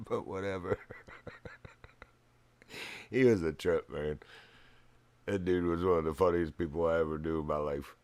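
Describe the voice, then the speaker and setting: Deep-voiced man chatting on a stream. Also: normal speed, long pauses, darkish tone, dry recording. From Virginia. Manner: rambling storyteller, chuckles often. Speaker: game streamer. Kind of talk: casual gaming stream chat.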